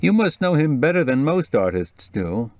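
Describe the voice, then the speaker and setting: Man doing a calm soothing reporter, kind but firm, dry close audiobook sound. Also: a little high, normal speed, dry recording, pitched above the performer's own voice. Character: kindly, soothing middle-aged male reporter. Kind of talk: audiobook dialogue reading.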